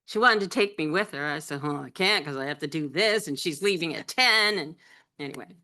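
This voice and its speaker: A middle-aged woman from Nova Scotia giving an impassioned public talk, emphatic and halting, full of rhetorical questions. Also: low voice, pushed and bright. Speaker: panel speaker.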